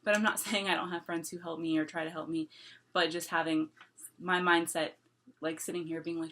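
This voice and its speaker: A woman's voice: fairly low pitch, flat delivery, brisk, a bit bright, slight background noise. A woman vlogger talking casually to camera, rambling and repeating herself, with lots of "like" and small laughs between thoughts.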